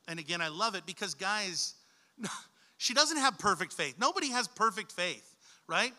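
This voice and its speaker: A man's voice: sits high, sing-song, moderate pace, pushed and bright. A young man preaching a sermon, reading scripture aloud and explaining it in an informal, conversational way, calling his listeners guys.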